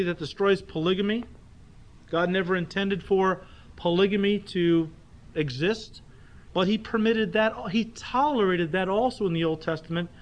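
A man with a fairly high voice preaches a sermon with emphatic delivery. He slows to press home key phrases and keeps turning to his listeners with quick rhetorical checks. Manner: speaks directly to the congregation with rhetorical checks. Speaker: pastor.

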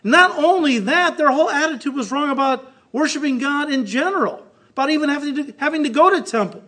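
A male pastor delivering a sermon, his voice high and bright. He is animated and acts out quoted voices with lifts in pitch. His delivery moves between quiet, lowered stretches and louder, raised ones. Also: brisk.

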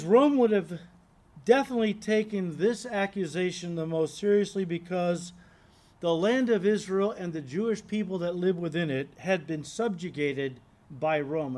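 A man's voice: sits high, a little mellow. A pastor preaching an expository sermon, earnestly reading scripture and explaining it to his congregation. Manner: earnest, emphatic teaching, addresses listeners as "guys"; reads scripture aloud and explains it.

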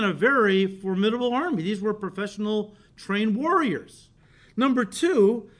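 A man's voice: sits high, a bit bright. A male pastor giving a conversational expository sermon, calling his listeners "guys" and acting out quoted lines with rising emphasis.

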